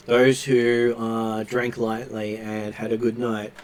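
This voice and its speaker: A man narrating a tabletop game as game master, pausing often on fillers as he describes scenes. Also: on the low side, monotone, a little hiss or hum. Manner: hesitant, filler-heavy narration.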